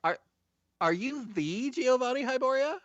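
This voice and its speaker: A man's voice: very high voice, moderate pace, no echo, voice pushed up. A man voicing a chatty, starstruck female desk clerk who gushes over the visitors, in a dull, dry recording. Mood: gushing. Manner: gushing, excitable.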